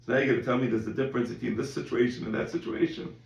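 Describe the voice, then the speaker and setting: Gravelly-voiced male rabbi teaching in an echoey room. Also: mid-range voice, rapid-fire. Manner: conversational, repeats words, quotes in animated voices. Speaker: rabbi teaching a Talmud class. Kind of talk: casual Talmud lesson.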